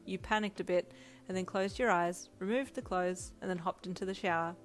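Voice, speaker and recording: A woman reading a second-person fanfiction story aloud in an even storytelling manner. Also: fairly low pitch, brisk, faint music behind. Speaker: fanfic reader.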